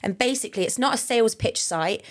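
A woman's voice: fairly high pitch, lively intonation, quick pace. Chatty English woman co-hosting a podcast. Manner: chatty, laughs often, swears casually. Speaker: podcast co-host. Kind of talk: casual chat.

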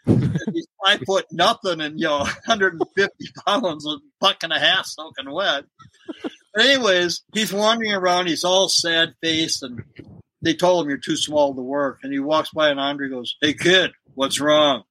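Bright-voiced laughing storyteller man. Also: on the high side, moderate pace, no echo, rough recording. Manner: laughs often while telling stories. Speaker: guest, former pro wrestler. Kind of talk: casual storytelling interview.

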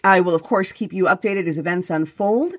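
A woman's voice: lowish voice, fairly quick, a bit bright, no echo. A woman podcast host reading her own humorous essay aloud in a wry, mock-dramatic way, then chatting casually in her morning voice. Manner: chatty with restarts when speaking off the page. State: first-thing-in-the-morning voice.

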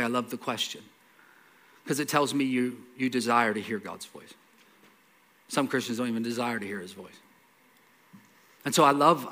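A man preaching a sermon, telling a scripture story with lively acted-out dialogue, repeating words and dropping into soft asides. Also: mid-range voice. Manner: animated storytelling, acts out dialogue. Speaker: pastor.

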